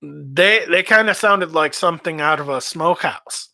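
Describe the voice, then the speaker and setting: A man's voice: a little high, normal speed, gravelly, sharp tone, dry recording. A man, a metal vocalist, giving rambling casual advice on singing, repeating himself as he goes. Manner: rambling, repeats words, demonstrates screams and growls.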